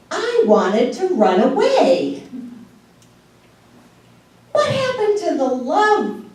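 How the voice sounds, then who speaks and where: A woman in her sixties giving a humorous storytelling speech in an animated way, with drawn-out pauses and laughing asides. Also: sits high. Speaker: speech contest speaker. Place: meeting hall. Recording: echoey hall from far off.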